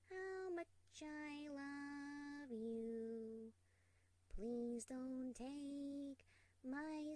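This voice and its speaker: Lady doing a soft-voiced lonely pony mare, high and sweet, dry close sound. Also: no room sound. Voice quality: soft and tender, then shrill shouting. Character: gentle lonely adult mare pony, turns frantic.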